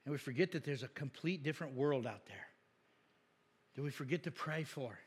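A man preaching a sermon as a pastor, casual and jokey, laughing often and climbing to loud, emphatic peaks. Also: medium pitch, a little fast, slightly rough, long reverb tail. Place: church sanctuary.

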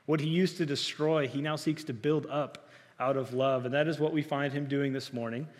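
A man preaching a sermon, self-described as soft-spoken and trying to project, who keeps asking the congregation questions and gives loud, emphatic readings of quoted lines. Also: mid-range voice, fairly even intonation, normal speed, in a large hall. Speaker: pastor. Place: church sanctuary.

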